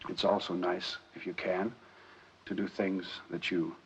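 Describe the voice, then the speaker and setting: A man from the United States, a film actor answering interview questions deliberately, pausing often, in a dull lo-fi 1960s recording. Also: low-pitched, little pitch movement, slightly rough. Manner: deliberate, pauses with many fillers.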